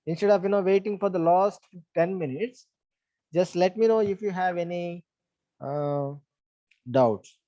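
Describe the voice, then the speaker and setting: This online English teacher, a man with an Indian English accent, speaks in a high-pitched voice at a measured pace, pausing often. He patiently repeats points and spells words letter by letter; the recording has no echo but sounds dull and lo-fi.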